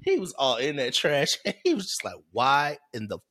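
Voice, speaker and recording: A man's voice: a little high, huge pitch swings, fairly quick, fairly bright tone. A man telling a funny story in a casual podcast chat, acting out quotes and laughing often. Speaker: podcast co-host.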